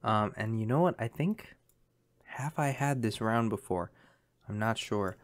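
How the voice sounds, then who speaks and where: A man's voice: on the low side, measured pace. A man commentating a map guessing game, thinking aloud in a chatty way with lots of ums. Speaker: game streamer.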